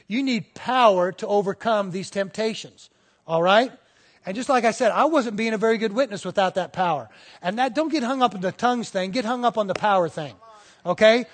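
A man's voice: high-pitched, normal speed. A male pastor preaching a conversational sermon, often checking in with the congregation and acting out little stories. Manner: tells stories and acts out voices within them.

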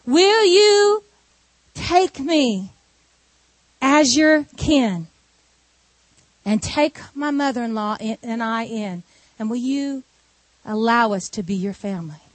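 A woman preacher voicing a humble young widow who speaks hesitantly and pleads softly. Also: fairly high pitch, lively intonation, slow, long pauses, dry recording, voice pushed down. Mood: pleading.

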